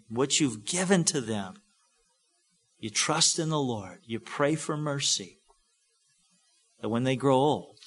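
A man preaching a sermon as a pastor, acting out scripture scenes with big swings from hushed to loud. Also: mid-range voice.

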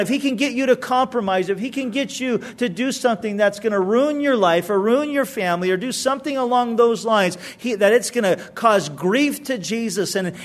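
A man preaching a sermon with a high, light voice for a man. He speaks earnestly, restarting and repeating words as he presses each point. It is the steady delivery of a pastor working through a passage.

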